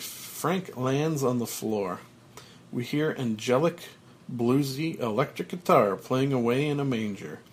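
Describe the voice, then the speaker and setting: A man reading a screenplay aloud, voicing stage directions in an unhurried way. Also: mid-range voice, creaky, slight background noise. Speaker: script reader.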